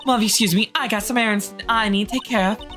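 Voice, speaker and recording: A woman's voice: medium pitch, steady tone, fast, a bit bright, soft background music, pitched above the performer's own voice, close to an everyday voice. A woman voicing a sweet, doting wife who speaks in a sugary, cooing way.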